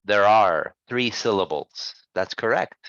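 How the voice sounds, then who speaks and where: A man's voice: lowish voice, lively intonation, dry recording. Patient male pronunciation teacher. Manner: patient, gently correcting, models sounds slowly. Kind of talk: online language lesson. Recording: dull, dry lo-fi sound.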